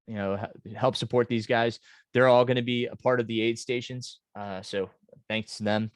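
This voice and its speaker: An earnest man talks casually as a race director, stopping and restarting often with plenty of fillers. His pitch sits in the middle for a man. The sound is dry and close, with no room echo. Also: steady tone. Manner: halting, many fillers and restarts; earnest and grateful. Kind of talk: casual podcast talk.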